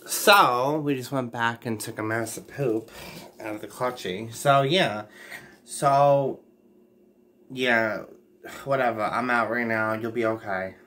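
A man talking bluntly on a casual late-night livestream, rambling and cursing freely, with sudden jumps up in pitch and loudness. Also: fairly even intonation, slow, long pauses, a little hiss or hum.

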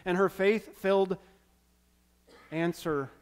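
A man preaching a sermon as pastor, acting out quoted lines dramatically with swings from loud to hushed. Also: high voice, slow pace. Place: church.

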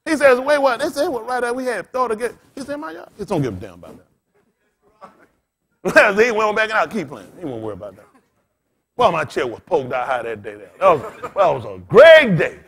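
A man preaching in loose storytelling style as a pastor, blunt and cussing, laughing as he swings between loud bursts and quiet asides. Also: sits high, big pitch swings, a little fast, husky. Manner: blunt, street-talking, cussing. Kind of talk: storytelling sermon.

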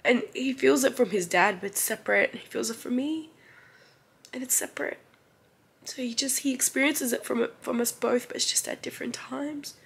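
A woman's voice: sits high, moderate pace, gravelly, husky. A young woman vlogger talking candidly to the camera, crying through an emotional personal update. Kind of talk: personal vlog confession.

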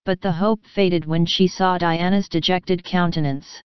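A woman narrating a classic novel as a bedtime audiobook, calm and even. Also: lowish voice, measured pace, smooth, dry recording, muffled recording.

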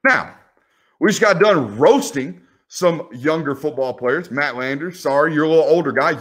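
A man's voice: a little high, animated, normal speed, fairly bright tone. A young man, hosting a casual football film breakdown, teasing players with rhetorical questions. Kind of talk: casual video commentary.

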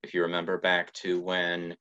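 A man preaching a sermon as a guest pastor in a church, in a measured, reflective way with pauses. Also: sits low, monotone, bright, forceful tone, highs cut off. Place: church sanctuary.

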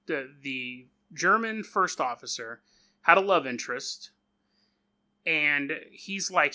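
A podcast host, a man, retells a story casually, chatting and joking with offhand asides. His voice sits on the high side, bright and forceful.

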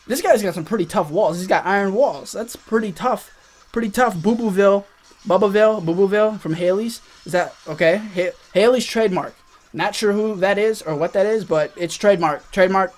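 A young man with a high, bright voice talks over his gameplay. He is excitable and rambling, addressing his viewers directly as he plays and reacting to each attack. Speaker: gaming channel host. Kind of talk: casual gameplay commentary. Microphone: face cam.

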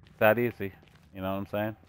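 A man's voice: lowish voice, little pitch movement, fast, a little hiss or hum. A man streaming gameplay live, chatting to his viewers and cracking puns as he plays. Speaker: gaming streamer.

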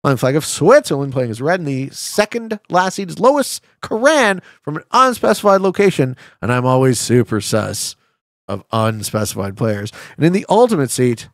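A man from Canada streaming a board game live, excitable and swearing, laughing often and bursting into shouts. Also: a little high, moderate pace, dry recording, studio quality. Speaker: streamer playing an online strategy board game.

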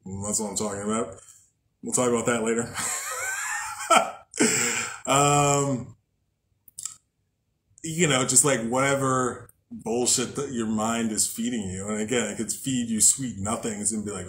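A male podcast host rambles through a casual monologue in a loose, profane, joking way. His voice sits at an ordinary middle pitch, with a faint hiss behind it. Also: a little slow, pauses often, a bit bright, rough recording. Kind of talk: casual monologue on spiritual practice.

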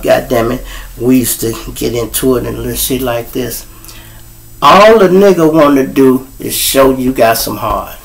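A man's voice: medium pitch, creaky, low-quality recording. A middle-aged man, the host, telling street stories in a casual, profane monologue aimed straight at his viewers. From Chicago. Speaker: storyteller host.

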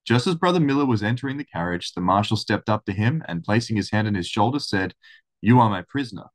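Low-voiced man reading a story aloud. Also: quick pace. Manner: steady storytelling then casual commentary. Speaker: religious study channel host. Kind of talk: reading a historical account aloud.

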